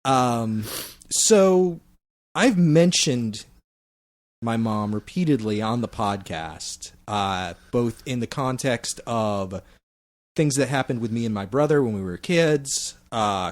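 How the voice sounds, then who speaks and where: A man hosting a casual comics podcast, teasing his co-host and pausing often with fillers. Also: medium pitch, animated. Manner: playful, halting with many fillers. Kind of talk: casual roundtable chat.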